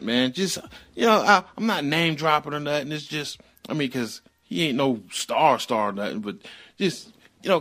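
A male podcast host talks in a loose, slangy monologue. His voice sits at a mid pitch and keeps a relaxed drawl. Faint music plays under him. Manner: loose, slangy, animated retelling with sudden high-pitched outbursts. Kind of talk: casual storytelling monologue.

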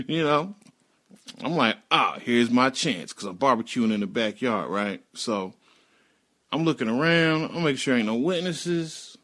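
A man's voice: medium pitch, animated, normal speed, a bit bright. A middle-aged man telling a personal story in a casual, profane and emphatic way.

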